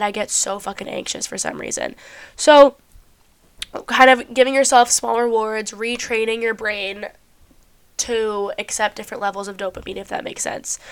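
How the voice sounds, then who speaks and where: Chatty young woman, smooth stuffy voice. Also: a little high, a bit bright. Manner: chatty, swears often, heavy use of "like". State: stuffy-sounding. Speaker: podcast host. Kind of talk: casual self-help chat.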